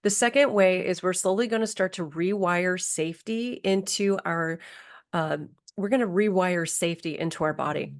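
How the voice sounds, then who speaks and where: A middle-aged woman, a spiritual healing coach, guides listeners through a slow, soothing somatic exercise with affirmations. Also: lowish voice.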